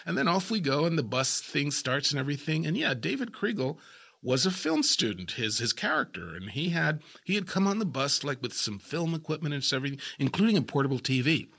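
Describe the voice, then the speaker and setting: A man's voice: a little high, a little fast, vocal fry. A middle-aged man, an actor, telling behind-the-scenes stories as a guest in a casual interview, acting out the lines he quotes. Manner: animated raconteur who acts out quoted lines.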